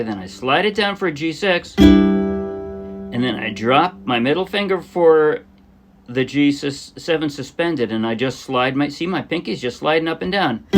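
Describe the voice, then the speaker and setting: A man of ordinary pitch walks through a ukulele song in a loose, thinking-aloud lesson, correcting himself as he goes. His ukulele rings out loudly under his voice. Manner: relaxed, thinking aloud, with fillers and self-corrections. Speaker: ukulele teacher. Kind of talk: casual step-by-step music lesson.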